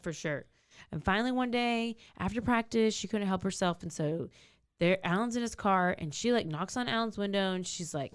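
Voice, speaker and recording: A woman co-hosting a casual true-crime podcast, telling the story in a rambling, animated way. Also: mid-range voice, normal speed, clear, resonant tone. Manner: animated, rambling, acts out quotes. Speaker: podcast co-host.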